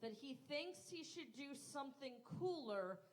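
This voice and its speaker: A woman's voice: sits high, lively intonation, normal speed. A woman doing stand-up on a club stage, pointed and teasing toward the previous comic. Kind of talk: live stand-up set.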